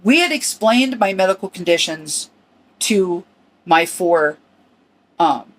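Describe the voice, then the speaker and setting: A middle-aged woman hosting a personal podcast, speaking earnestly and reflectively in short, halting phrases. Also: fairly low pitch, animated. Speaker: podcast host.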